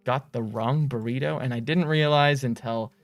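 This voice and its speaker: A man hosting a game studio's livestream, telling stories in a rambling, animated way on a close mic. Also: medium pitch, moderate pace, no room sound, faint music behind. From United States. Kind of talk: casual livestream chat.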